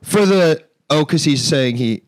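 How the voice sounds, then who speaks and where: A man's voice: a little high, expressive, measured pace. A young man hosting a livestream, chatting casually and animatedly, swearing and laughing often. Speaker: streamer host. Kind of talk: casual chat.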